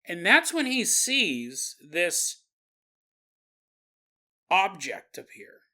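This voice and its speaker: Male podcast host, slow animated storyteller, bright voice. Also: high voice. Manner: animated, acts out the characters in the story. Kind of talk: storytelling narration.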